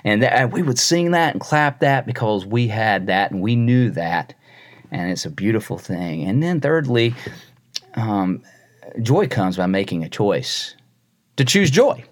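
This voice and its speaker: A man's voice: on the low side, big pitch swings, measured pace. A man preaching a sermon. He speaks earnestly, often repeats a word as he starts a phrase, and tells stories with quoted voices.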